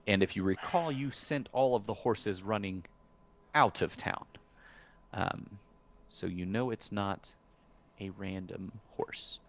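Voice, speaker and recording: A man's voice: fairly low pitch, takes it slowly. A man narrating a tabletop game as game master, hesitant with many fillers and restarts. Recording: dull lo-fi sound.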